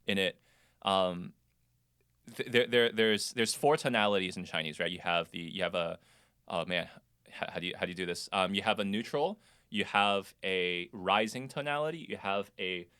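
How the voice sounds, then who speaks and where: A young man co-hosting a podcast in casual chat, halting and rambling as he explains, laughing easily. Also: low-pitched, pushed and bright, smooth, no echo, studio quality. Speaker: podcast co-host.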